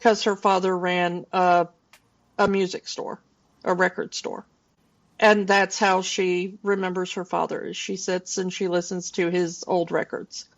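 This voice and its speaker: A woman's voice: on the low side, flat delivery, measured pace, highs cut off. A woman in her forties, co-hosting a casual film podcast and rambling loosely with plenty of fillers and restarts. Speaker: podcast co-host.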